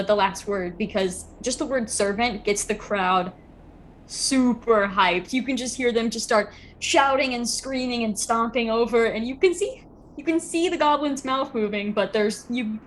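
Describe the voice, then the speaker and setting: A woman's voice: on the high side, slight background noise. A woman narrating a tabletop game as game master, chatty, with many "like"s and "um"s. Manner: chatty, full of "like" and "um".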